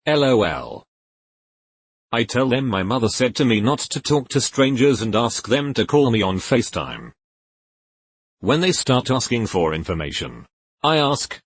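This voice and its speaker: A man's text-to-speech voice reading forum posts aloud in a flat synthetic way, spelling out links letter by letter. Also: lowish voice, measured pace, slightly rough, no echo.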